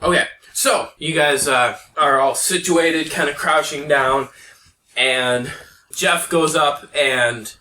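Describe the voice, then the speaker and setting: A man's voice: a little high, slow, sharp tone. A man narrating a tabletop game as game master, easygoing and full of fillers. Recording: roomy, distant mic.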